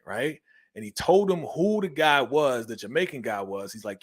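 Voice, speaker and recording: A man giving a casual, animated TV episode recap, laughing often and acting out the characters' lines. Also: medium pitch, moderate pace. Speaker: recap host.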